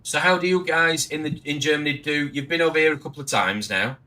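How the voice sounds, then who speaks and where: A man's voice: on the high side, fast, pushed and bright, low-quality recording. A British man hosting a casual online panel chat, talking loosely and choosing his words with care. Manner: chatty, careful with his words. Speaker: livestream host.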